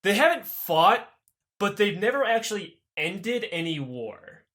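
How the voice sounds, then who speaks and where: A man's voice: high-pitched, very animated, measured pace, a bit bright. A man co-hosting a podcast, retelling history in an irreverent, profane and rambling comedic way. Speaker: podcast co-host.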